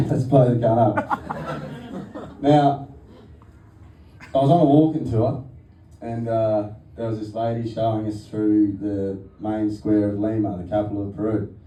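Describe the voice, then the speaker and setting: Performing crude, casual stand-up at a comedy venue, this young man frequently laughs through his own material in a fairly low, steady, mellow voice at an unhurried pace. The live-audience recording is noisy and roomy, picked up from a distance.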